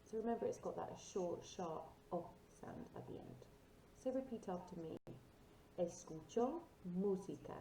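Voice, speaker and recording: Woman, teacher, recorded lesson, mellow tone, faint background noise. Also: lowish voice, normal speed. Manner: clear, patient teacher, models words to repeat. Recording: echoey room, distant mic, faint noise.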